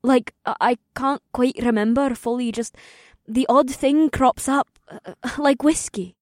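A woman voicing a soft-spoken, devoted young woman in an audiobook story, murmuring her lines. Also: high voice, unhurried, no echo, clean studio sound. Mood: wistful. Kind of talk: audiobook dialogue.

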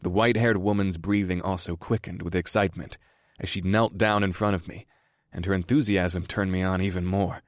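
A man narrating a first-person audiobook in a slow, measured reading. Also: low-pitched, steady tone, dry recording, clean studio sound.

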